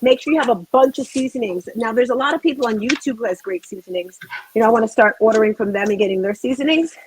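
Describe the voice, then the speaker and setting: A chatty woman hosts a home cooking segment, rambling cheerfully to her viewers as she chops and stirs. Her voice sits a little high. Clattering pans and kitchen noise fill in behind her. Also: quick pace, low-quality recording. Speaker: cooking show host. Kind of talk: casual chat while cooking.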